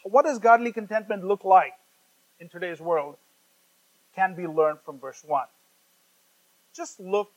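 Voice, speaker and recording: A man with a fairly high voice delivers a sermon in an explanatory teaching tone. He slows down and leans on the words when reading scripture aloud, with an occasional filler between points. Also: rough recording. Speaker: preacher.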